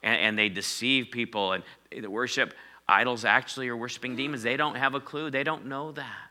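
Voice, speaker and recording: A middle-aged male pastor preaching a sermon, calling on the congregation to repeat words and swinging between loud declarations and hushed phrases. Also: mid-range voice, fairly even intonation, a little fast. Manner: preaching with call-and-response prompts, swinging from loud to quiet.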